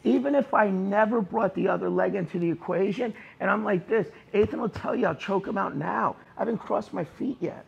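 A jiu-jitsu instructor teaches a live class at a gym, showing students each technique while talking them through it informally and with emphasis. He speaks a little fast with hardly any pauses, his high voice husky and gravelly, on a muffled recording.

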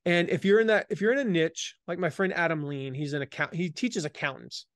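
A man's voice: fairly high pitch, brisk, no room sound, clean studio sound. Emphatic man explaining steps, slight Southern twang. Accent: slight Southern American, faded by Midwest years. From American South. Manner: energetic, emphatic, repeats key phrases. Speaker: guest author. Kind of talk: conversational interview.

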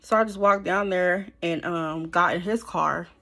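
Woman spilling a storytime to her followers, bright voice, blunt, cusses a lot, right up on the cam. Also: fairly low pitch, measured pace. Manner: animated, blunt, swears freely. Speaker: storytime vlogger. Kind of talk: casual storytelling to viewers. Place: at home in front of a ring light. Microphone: camera held close.

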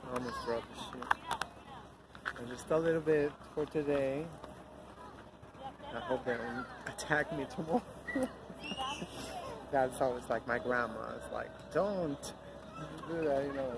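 Blunt middle-aged man over loud traffic. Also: mid-range voice, unhurried, pauses often. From Mexico. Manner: blunt, outspoken, rambling with many fillers. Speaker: vlogger. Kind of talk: casual outdoor vlog rant. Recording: loud outdoor traffic noise.

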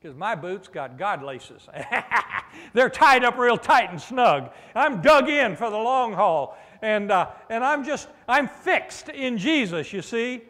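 High-voiced preacher in a reverberant hall. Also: male voice, very animated, takes it slowly, a bit bright. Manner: preacherly, with call-and-response "amen?" and playful asides. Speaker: pastor. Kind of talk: sermon. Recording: long reverb of a large hall.

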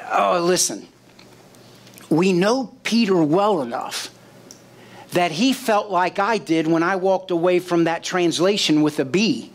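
A male pastor preaching a sermon, emphatic, asking the congregation questions and acting out the voices of biblical figures. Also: high-pitched. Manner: slow, emphatic preaching with call-and-response questions.

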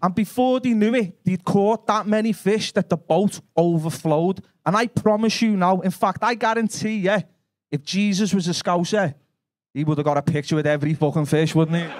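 A man's voice: high voice, normal speed, dry recording, clean studio sound. A man with a Liverpool accent doing live stand-up comedy. He swears and banters brashly with the crowd.

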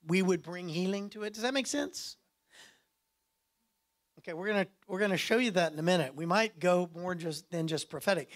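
A man preaches to his congregation in a high, ringing voice. He is playful and self-mocking, slipping into little acted-out voices for the people he quotes. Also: a bit bright. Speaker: pastor. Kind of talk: sermon.

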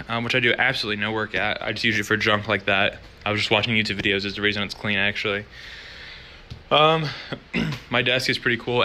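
A man's voice: on the low side, bright, forceful tone, slight background noise. A young man, a college student, rambling through a casual tour of his dorm room with lots of fillers, talking to a handheld camera. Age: young adult. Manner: rambling, filler-heavy, wanders off topic.

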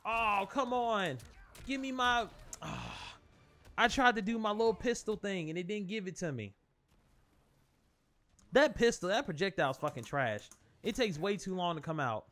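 A man's voice: high-pitched, normal speed. A young man commentating his own fighting-game match, swearing a lot and talking to his opponent and viewers, easily worked up. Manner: profane, excitable, talks to his opponent and viewers. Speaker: gaming channel host. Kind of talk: live gameplay commentary.

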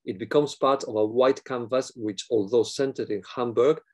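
Man giving a measured academic lecture. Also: medium pitch, darkish tone. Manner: measured, reads prepared text with occasional fillers and restarts.

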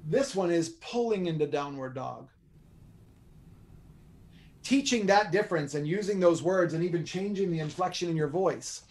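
A man as a podcast guest, explaining posture and exercise in an animated, joking coaching style. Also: fairly high pitch, moderate pace, long pauses. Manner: animated, joking, teaches by demonstration. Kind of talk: energetic coaching talk.

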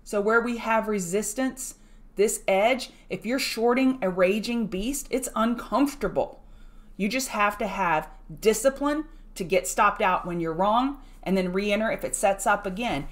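A woman at a middle pitch walks through price levels and chart setups as the host of a trading show. She talks casually, tossing in jokey, self-deprecating asides between numbers. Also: measured pace. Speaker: market analyst host. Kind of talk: casual market commentary.

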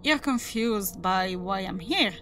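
A woman voicing a calm, mysterious demon hunter. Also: mid-range voice, takes it slowly, soft background music. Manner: calm, polite, matter-of-fact.

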